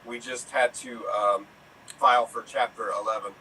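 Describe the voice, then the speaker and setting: Soft-spoken man telling jokes from afar. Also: medium pitch, fairly even intonation, normal speed. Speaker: improv player. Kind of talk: improvised joke telling. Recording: distant mic, faint room noise.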